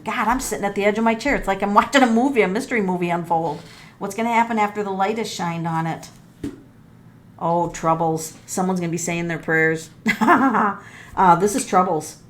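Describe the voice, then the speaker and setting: A woman's voice: on the low side, a little hiss or hum. A middle-aged woman doing a casual tarot reading for her viewers. She thinks aloud, exclaims and gasps at the cards, and calls her viewers folks. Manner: talks straight to viewers as folks. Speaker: tarot reader and numerologist.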